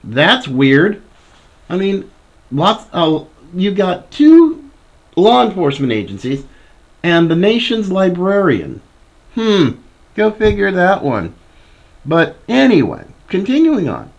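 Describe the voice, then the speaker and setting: Man, political commentary host, high voice, very animated pitch, indignant, reading article aloud with asides. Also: slow, lo-fi sound. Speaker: podcast host.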